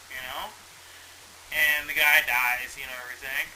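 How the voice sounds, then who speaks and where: A man with a high, very bright voice rambles through a profane movie review, jumping around the plot with animated energy. A faint hiss sits under the recording. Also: brisk, rough recording. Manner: rambling, animated storytelling with lots of swearing. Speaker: movie review show host.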